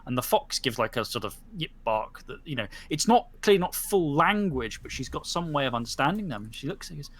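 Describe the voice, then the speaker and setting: A man narrating a tabletop role-playing game as game master over an online voice call, in lively, halting speech full of restarts. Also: on the high side.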